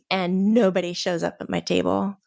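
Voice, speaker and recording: A middle-aged woman on a podcast, telling a story with lots of laughter and little acted-out quotes. Her voice sits a bit low for a woman, and the sound is close and dry with no room echo. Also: vocal fry, darkish tone. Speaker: podcast guest, medium. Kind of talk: casual storytelling chat.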